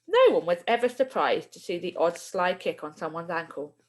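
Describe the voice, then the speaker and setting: A woman, a primary school teacher, reading a children's book aloud with expressive storytelling. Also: fairly low pitch, moderate pace.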